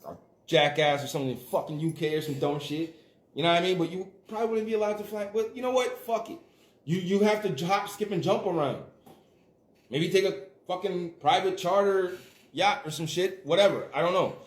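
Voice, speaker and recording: A man's voice: sits high, fairly quick, reverberant. A man hosting a livestream, ranting in a casual, profane and emphatic way. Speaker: livestream host.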